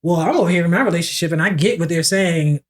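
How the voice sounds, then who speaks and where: A woman in a podcast discussion, speaking in a measured, deliberate and thoughtful way. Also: lowish voice.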